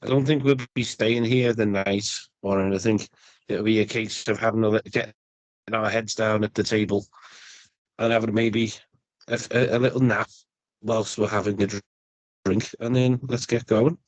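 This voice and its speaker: A man playing a tabletop game over a video call, talking in a steady, matter-of-fact way. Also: fairly low pitch, normal speed, no room sound, rough recording. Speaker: player. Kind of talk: casual game chat.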